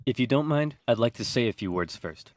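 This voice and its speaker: A man narrating comedic animated history and doing all the character voices himself, with quick, silly switches between them. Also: medium pitch, a little hiss or hum.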